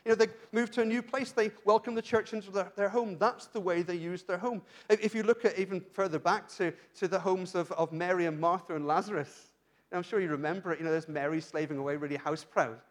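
A man's voice: high voice, steady tone, fast talker. A man from Britain preaching a church sermon, earnest and questioning, often restarting his sentences. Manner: earnest, asks rhetorical questions, frequent restarts. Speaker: pastor.

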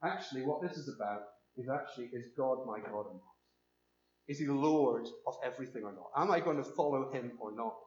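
A man preaching a sermon, emphatic and animated, acting out the voices of the people he quotes. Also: medium pitch, brisk, slight background noise. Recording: echoey room, dull sound.

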